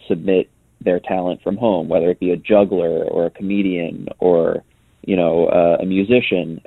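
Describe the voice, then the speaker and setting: A man's voice: sits low, dry recording. A man from New York giving a casual interview as a guest, hesitant, with many ums and restarts. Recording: tinny phone line.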